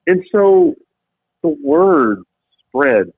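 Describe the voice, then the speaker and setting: A man, a business founder and podcast guest, telling a story in lively conversation and acting out quotes in different voices. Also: a little high, very slow, no echo. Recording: tinny phone-like line, dry.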